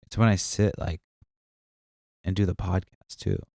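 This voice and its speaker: Gravelly deep-voiced man rambling casually. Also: little pitch movement, a little slow, mellow, no echo, clean studio sound. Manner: profane, meandering storytelling with many fillers. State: stuffy nose. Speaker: podcast host.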